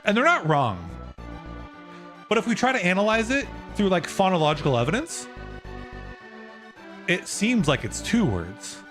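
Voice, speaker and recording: A man's voice: sits high, huge pitch swings, normal speed, pauses often, a bit bright, soft background music. A young man streaming live, casually explaining a topic and answering his viewers' chat.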